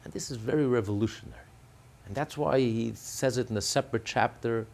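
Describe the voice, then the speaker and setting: A man's voice: mid-range voice, a little fast, vocal fry, darkish tone. A man explaining a religious text in a class, emphatic, often repeating and restarting his phrases. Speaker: religious teacher.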